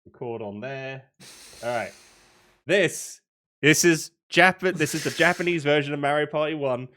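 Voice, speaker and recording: A young British man co-hosting a casual podcast, rambling with excitement and often laughing. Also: fairly high pitch, normal speed. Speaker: podcast co-host. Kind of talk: casual chat.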